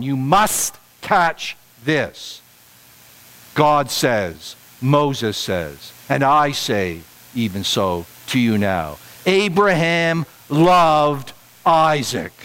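A middle-aged man preaching a sermon, emphatic and repetitive, pushing his voice higher on the key points. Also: expressive, takes it slowly, fairly bright tone, clean tone, rough recording. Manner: emphatic, repeats phrases for stress, rising to higher pitch on key points.

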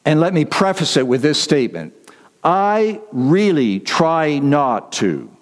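A man delivers a sermon from the pulpit, leaning on repetition and drawing out key lines for emphasis. His voice sits a little high for a man. The sound carries a long reverb from the hall around him. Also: big pitch swings. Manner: deliberate, repetitive emphasis with slowed key phrases; self-deprecating asides. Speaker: pastor.

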